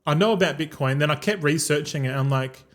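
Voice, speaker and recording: A man's voice: a little high, brisk. A man in his thirties with an Australian accent, rambling and swearing through casual livestream chat and calling his viewers bro. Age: 30s. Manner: rambling and profane, keeps saying bro. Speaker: gaming streamer.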